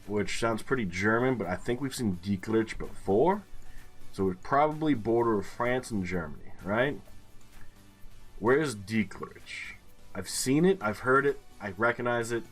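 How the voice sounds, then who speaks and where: A man hosting a gaming video, thinking aloud in casual commentary and swearing freely. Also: mid-range voice. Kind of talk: casual let's-play commentary.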